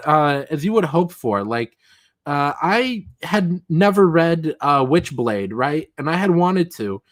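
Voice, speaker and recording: A man hosting a casual livestream, talking in a loose, rambling way. His voice sits a little higher than most men's, and he fills pauses with "uh" and little chuckles. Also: big pitch swings. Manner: rambling and chatty, many fillers and chuckles. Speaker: livestream host.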